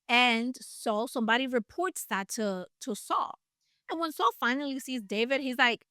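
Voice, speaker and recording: Chatty higher-voiced woman retelling scripture. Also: normal speed, bright, forceful tone, dry recording, studio quality. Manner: chatty, playful asides. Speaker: Bible teacher. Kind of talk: casual Bible story retelling.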